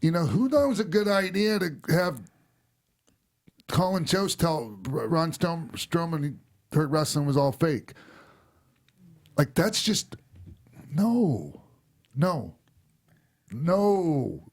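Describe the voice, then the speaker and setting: A man's voice: fairly high pitch, unhurried, pauses often. A man hosting a podcast in casual chat, ranting heatedly and swearing often. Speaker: podcast host.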